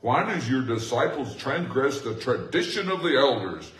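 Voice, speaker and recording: A man preaching a sermon as pastor, speaking with rising passion and excited emphasis. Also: mid-range voice, moderate pace, few pauses. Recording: echoey room from far off.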